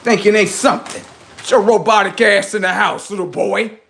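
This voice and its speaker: A man rants on his livestream in a rather high voice. He taunts and boasts, swearing heavily at the people he mocks. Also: steady tone, moderate pace, creaky, a bit bright. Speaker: livestream host. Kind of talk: profane livestream rant.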